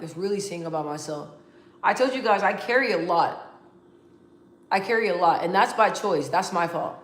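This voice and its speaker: A young adult woman talking candidly in a casual vlog, emotional and rambling, with frequent restarts and repeated words. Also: lowish voice. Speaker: vlogger. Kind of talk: casual heartfelt vlog talk. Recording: roomy echo.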